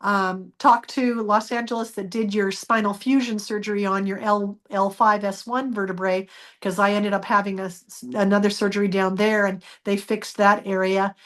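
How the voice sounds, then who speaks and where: A woman's voice: mid-range voice, level tone, normal speed, fairly bright tone. A woman guest in an interview, earnestly telling a personal story and acting out the dialogue she remembers.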